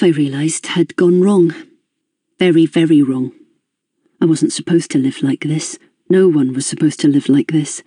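Audiobook narrator, first-person novel, measured pace, dark mellow tone, dry close sound. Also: mid-range voice, slightly rough, no room sound. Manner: measured, introspective reading.

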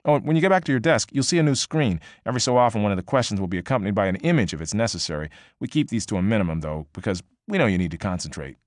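A brisk, eager office trainer who rattles through instructions and keeps reassuring, as a man plays him. His voice sits a little higher and louder than the narration and rises and falls with animation. The sound is dry and close. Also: sing-song, no echo. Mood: breezy, encouraging. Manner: chatty, quick, reassuring.

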